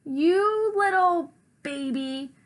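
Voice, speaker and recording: A woman reading a storybook aloud and voicing a hot-tempered little girl who shouts with drawn-out angry words. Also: extremely high pitch, expressive, pitched above the performer's own voice, heavily acted. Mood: furious.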